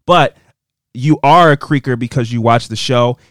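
A young man hosting a casual podcast, reading listener reviews in a playful, animated way that jumps between loud and soft. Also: medium pitch, moderate pace, no echo, clean studio sound. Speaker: podcast host.

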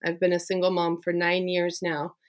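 Chatty, enthusiastic lower-voiced woman coach. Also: completely flat delivery, moderate pace. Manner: chatty and enthusiastic, many "like" fillers. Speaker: business coach, podcast guest. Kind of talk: casual conversational interview.

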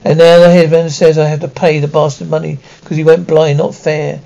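A man's voice: fairly high pitch, flat delivery, brisk, gravelly, mellow, dull audio. A man voicing a crude peasant goatherd, complaining indignantly in a tavern.

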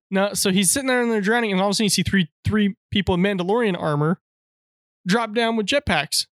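A man's voice: high voice, fast talker, fairly bright tone, dry recording, clean studio sound. A man co-hosting a podcast, rambling through a recap in casual chat with lots of filler words. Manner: rambling recap, heavy use of "like". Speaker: podcast co-host.

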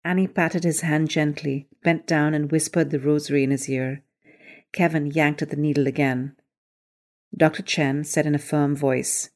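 A woman narrating her own short story in an even, clear storytelling manner. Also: sits low, moderate pace. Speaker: story author and reader. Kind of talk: scripted narration.

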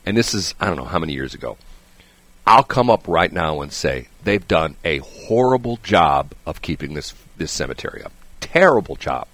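A middle-aged male talk show host with a low voice that leaps up and down as he tells his story. He rambles, restarts his sentences and tosses out "okay?" asides. The sound is close and dry, with no room around it. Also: very animated, normal speed, a bit bright, no echo. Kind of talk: casual storytelling chat.

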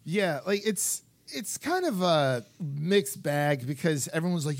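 A man co-hosting a podcast in casual chat, animated and full of fillers as he acts out quotes. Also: fairly high pitch, unhurried, dry recording. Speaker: podcast co-host.

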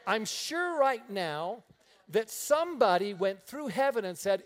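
Male pastor, high voice that leaps all over, animated story-driven sermon. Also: a little slow. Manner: animated storytelling with frequent laughter.

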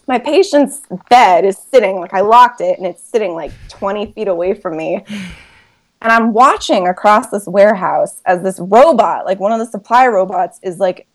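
A woman telling a story on a podcast, animated and laughing often as she goes. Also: medium pitch. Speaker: guest storyteller. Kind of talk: casual podcast chat.

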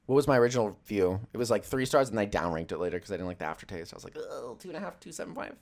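A man's voice: fairly low pitch, animated, very fast, a little mellow. A young man chatting loosely on a stream, swearing often and rambling between jokes. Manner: profane, loose and joking, with many fillers. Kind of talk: casual rambling chat.

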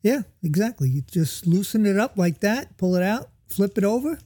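A man with a notably high voice banters on a casual podcast. He teases his co-hosts and plays things for laughs. The recording is close and dry. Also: expressive, normal speed, warm tone, no echo. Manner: teasing, jokey banter. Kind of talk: casual chat.

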